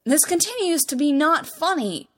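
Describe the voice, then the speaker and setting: A woman's voice: sits high, very animated, moderate pace, fairly bright tone, voice pushed up. A woman voicing a flustered, sarcastic teenage boy who snaps back defensively, in a spoken story reading.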